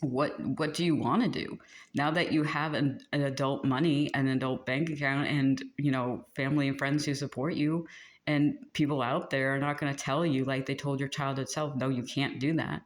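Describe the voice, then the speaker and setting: A channeled tarot reading delivered in a loose, chatty way. The reader drifts between thoughts, leans on filler words and keeps slipping into giggles mid-sentence, with a middling pitch. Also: little pitch movement, normal speed. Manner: rambling, many "like" fillers, prone to giggling. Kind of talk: casual spoken spiritual reading.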